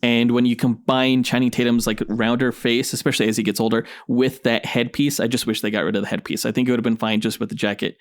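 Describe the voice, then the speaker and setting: Excitable profane man on a podcast. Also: medium pitch, quick pace, hardly any pauses, dry recording, clean studio sound. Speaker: podcast co-host. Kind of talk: casual chat.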